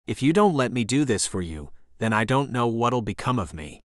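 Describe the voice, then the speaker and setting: A man reading the lines of a desperate young woman student in an audiobook, softly apologetic and pleading. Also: mid-range voice, very animated, moderate pace, dry recording, clean studio sound, lightly acted.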